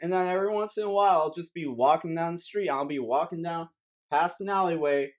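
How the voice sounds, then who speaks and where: A man's voice: fairly high pitch, brisk. A young man giving a rambling, sarcastic comedic rant to camera as a vlogger, swearing often.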